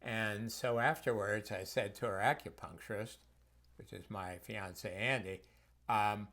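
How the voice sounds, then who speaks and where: Low-voiced man telling personal stories. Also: fairly even intonation, unhurried, fairly bright tone. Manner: conversational, reflective, with fillers. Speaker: health practitioner. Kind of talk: personal storytelling in a course video.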